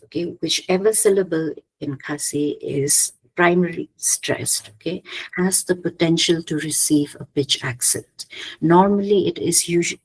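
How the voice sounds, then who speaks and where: A woman giving an academic slide presentation, hesitant, often pausing with "okay" and restarting her phrases. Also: fairly low pitch, vocal fry, a little mellow, husky, poor audio. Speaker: conference presenter.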